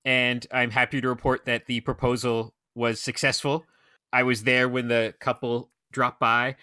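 Bright-voiced man telling stories. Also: medium pitch, no echo, studio quality. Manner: animated storyteller, quick run-on anecdotes. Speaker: movie theater operator. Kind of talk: casual podcast chat.

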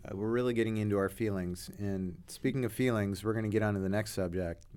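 A man's voice: lowish voice, fast talker, darkish tone, clean tone. A man hosting a casual podcast chat, leading into topics and joking at his own expense. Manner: leads topics, self-deprecating. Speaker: podcast host.

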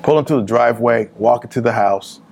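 A middle-aged man from California, telling a personal story as a guest in a casual interview, animated and acting out family members. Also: medium pitch, a little fast. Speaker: guest, small business speaker.

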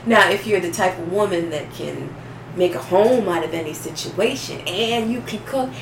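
A woman co-hosting a casual chat, blunt and laughing often, with sudden loud bursts. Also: fairly low pitch, normal speed, vocal fry. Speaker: podcast co-host. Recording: roomy echo, distant mic, noisy background.

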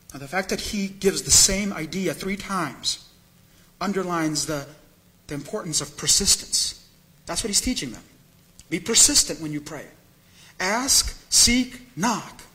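A man's voice: sits high, pushed and bright, poor audio. A man preaching a sermon as pastor, earnest and candid, repeating phrases for emphasis. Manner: candid, self-disclosing.

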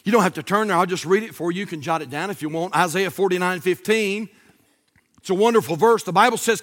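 A middle-aged male pastor, preaching a sermon that swings from loud high cries down to hushed whispers. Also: quick pace.

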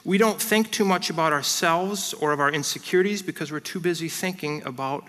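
A man preaching a sermon as pastor, earnest and direct, dropping into soft prayer and light family stories. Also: on the high side, brisk, long reverb tail. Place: church hall.

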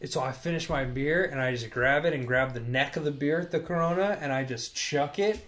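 A man's voice: a little high, fairly quick, fairly bright tone. A young man on a casual podcast, telling a rambling, profane anecdote to his friends. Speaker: podcast co-host. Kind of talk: casual storytelling among friends.

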